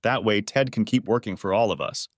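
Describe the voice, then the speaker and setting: A man's voice: lowish voice, brisk, no room sound, studio quality, lightly acted. A man voicing a crude, taunting male neighbor who mocks and boasts in a story reading. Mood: mocking. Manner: mocking, boastful.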